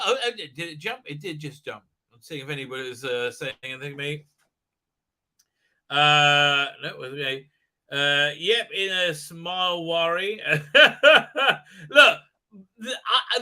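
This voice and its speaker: A man's voice: a little high, bright, forceful tone. A man hosting his live stream, rambling and stammering through crude jokes and mocking voices in casual chat. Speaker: livestream host.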